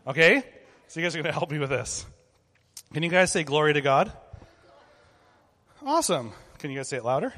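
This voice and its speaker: Bright-voiced upbeat man leading kids. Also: a little high, very animated, fast, in a large hall. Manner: upbeat, conversational, leads group call-and-response. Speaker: children's ministry leader. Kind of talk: interactive object lesson for kids.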